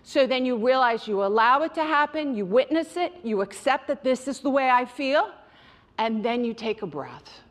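Middle-aged woman teaching mindfulness, talks straight at the crowd, kinda high voice. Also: lively intonation, normal speed. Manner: direct, emphatic, addresses listeners as you guys. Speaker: mindfulness speaker. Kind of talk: motivational talk to an audience.

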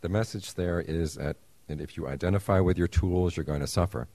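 A man giving a Buddhist lecture, explaining in a relaxed, measured way with small asides. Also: sits low, dry recording. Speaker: Buddhist teacher.

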